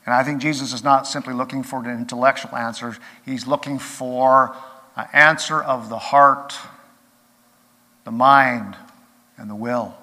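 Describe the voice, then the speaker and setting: A man preaching a sermon as pastor, earnest, rising to emphatic peaks and then dropping quiet. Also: mid-range voice, fairly even intonation, a little slow. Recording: long reverb of a large hall.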